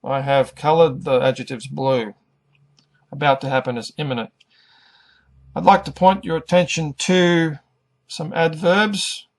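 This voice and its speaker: A middle-aged man gives a slow, deliberate English lesson, pronouncing each word with great care. His voice sits a little high for a man, and he lets long pauses fall between phrases. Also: steady tone. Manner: careful, over-articulated pronunciation. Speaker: ESL teacher.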